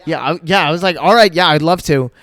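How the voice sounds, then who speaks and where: A teenage comedian co-hosting a podcast, bantering casually with quick jokes and frequent laughs. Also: male voice, on the high side, a bit bright. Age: teens. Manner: quick joking interjections, laughs often. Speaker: podcast co-host, stand-up comedian.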